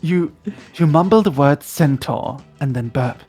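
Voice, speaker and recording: A woman streaming a game, narrating an interactive story in a lively, quick casual way. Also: deep voice, breathy edge, faint music behind. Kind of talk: casual narration of a choose-your-own-adventure.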